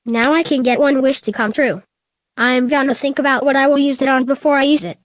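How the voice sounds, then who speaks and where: A woman voicing a dark, brooding male hedgehog criminal in a flat, matter-of-fact delivery. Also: high voice, brisk, no echo, natural voice.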